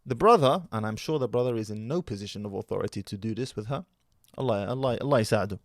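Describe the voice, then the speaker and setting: A fairly low-pitched man talks fast in a dry, clean studio recording. He's an online commentator giving opinionated commentary, lecturing emphatically with rhetorical questions and scattering Arabic words through his speech.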